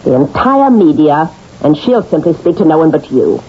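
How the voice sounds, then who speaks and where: A brisk, bossy woman editor. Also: sits low, sing-song, slight background noise. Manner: brisk, impatient, commanding. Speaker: managing editor. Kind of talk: 1970s radio drama acting. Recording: dull old radio broadcast.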